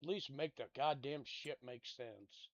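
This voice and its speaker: A man's voice: medium pitch, unhurried, no echo. A man streaming a farming game, grumbling and swearing to himself in casual commentary. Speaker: gaming streamer. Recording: dry, dull lo-fi mic.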